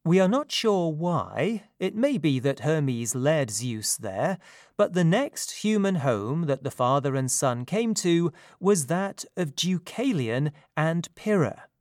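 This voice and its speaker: A man narrating a myth in a calm, measured storybook reading. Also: on the high side, no echo, studio quality.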